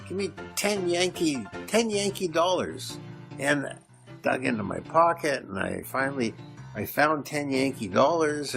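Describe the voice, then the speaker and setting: A man's voice: mid-range voice, vocal fry. Older canadian guy rambling through a story, pokes fun at himself, faint music behind. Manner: rambling, self-mocking, speeds up when excited. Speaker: podcast host. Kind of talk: storytelling monologue.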